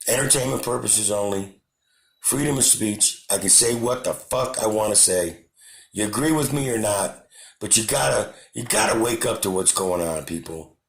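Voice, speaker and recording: A man's voice: lowish voice, normal speed, vocal fry, roomy sound. A man hosting his own channel, delivering an impassioned, repetitive political rant to camera. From United States. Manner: impassioned, repetitive, shouting at times. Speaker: channel host.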